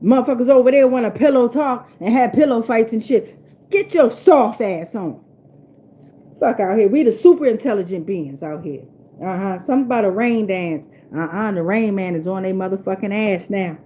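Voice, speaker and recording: A woman's voice: mid-range voice, moderate pace, dull audio. A woman giving an unscripted tarot reading who talks bluntly, swears often and keeps repeating phrases with "okay?" and "right?". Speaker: tarot reader. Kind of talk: spontaneous tarot reading monologue.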